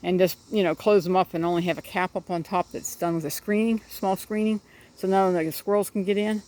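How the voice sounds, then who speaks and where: A woman's voice: fairly low pitch, fairly even intonation, fairly quick, darkish tone. A middle-aged woman rambling casually about her backyard garden and chickens, chatting to her birds as she films on a phone outdoors.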